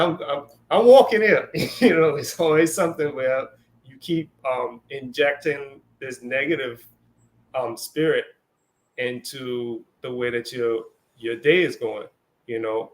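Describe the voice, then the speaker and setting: A man's voice: medium pitch, fairly even intonation, measured pace. A man co-hosting a casual spiritual discussion, talking loosely with lots of fillers and acted-out quotes. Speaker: co-host.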